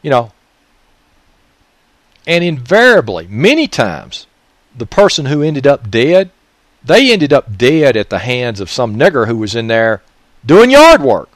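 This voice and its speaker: A political commentator with a Mississippi Southern accent delivers an angry monologue in a medium-pitched, sing-song, somewhat bright voice, a little slow with frequent pauses and no room sound. He raises his voice, swears, and keeps scolding listeners with repeated questions.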